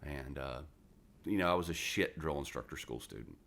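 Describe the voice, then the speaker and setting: A man's voice: very deep voice, moderate pace, creaky. A man in his forties, a retired Marine from West Virginia, telling war-and-training stories in a casual, profane podcast chat. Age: 40s. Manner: profane, animated storyteller who acts out quoted dialogue. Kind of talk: casual storytelling interview.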